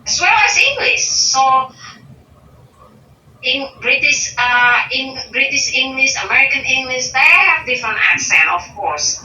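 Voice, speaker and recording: A woman talking as a guest in a casual conversation, speaking hesitantly and pausing often to search for words. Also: a little high, sharp tone. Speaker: interview guest. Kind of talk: casual conversation about English learning. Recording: muffled, echoey room, distant mic, faint hiss.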